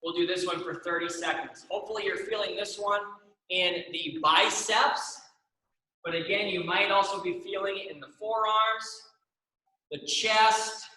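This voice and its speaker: A young man with a high, bright, pushed voice leads an exercise class in an indoor dance studio, keeping a steady tone and measured pace as he counts down stretches and keeps asking "all right?" The echoey room is picked up by a camera that sometimes turns away from him.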